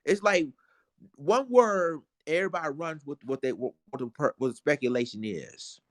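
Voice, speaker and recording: A man's voice: on the high side, expressive, moderate pace, dry recording, clean studio sound. Indignant man venting to viewers. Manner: indignant, repetitive, addresses viewers as y'all. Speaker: vlogger. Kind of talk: emotional casual commentary.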